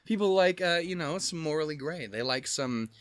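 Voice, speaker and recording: A man's voice: fairly high pitch, lively intonation, normal speed. A young man hosting a let's play, reading a visual novel aloud with casual, profane, rambling and self-mocking asides. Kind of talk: casual gameplay commentary with read-aloud dialogue.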